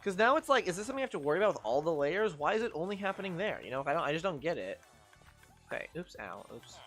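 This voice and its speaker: A young woman streams a game live and vents her frustration out loud, swearing and scolding the creatures on screen. Her pitch leaps and dips all over as she goes. Soft music plays underneath. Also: big pitch swings, racing, husky. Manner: exasperated ranting, swears, scolds game mobs. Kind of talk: live gameplay commentary.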